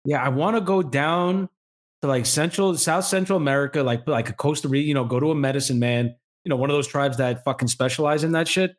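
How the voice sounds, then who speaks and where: A man's voice: on the high side, fast. A man in casual podcast chat, telling rambling stories and swearing freely. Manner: animated, profane, rambling storytelling. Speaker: podcast co-host.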